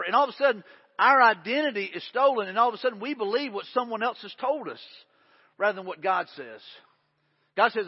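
A man's voice: high voice, expressive, a little fast, husky. A man preaching a sermon as pastor, earnest, often repeating words as he builds a point. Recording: dull audio with long hall reverb.

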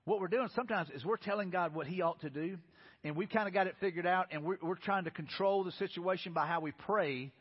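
Fast-talking preacher, husky voice. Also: male voice, high voice. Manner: conversational, acts out quoted voices. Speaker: pastor. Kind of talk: sermon. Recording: muffled sound in a reverberant hall.

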